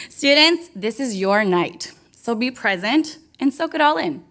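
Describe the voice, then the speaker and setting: A woman's voice: on the high side, lively intonation, slow, a bit bright. A young woman emceeing a live award ceremony, bubbly and playful as she works the crowd. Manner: bubbly, playful and hyped, talks straight to the crowd. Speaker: event MC. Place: event venue with a live audience.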